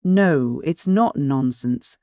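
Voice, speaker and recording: A man voicing an earnest, excitable young idealist who speaks eagerly and preachily, in an audiobook. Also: medium pitch, slow, dry recording, studio quality.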